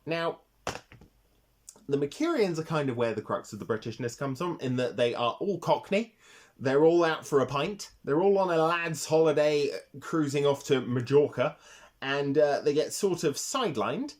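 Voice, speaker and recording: A man's voice: a little high, animated, moderate pace, slight background noise. A man hosting a casual retro game review vlog, talking with rambling enthusiasm and swearing freely.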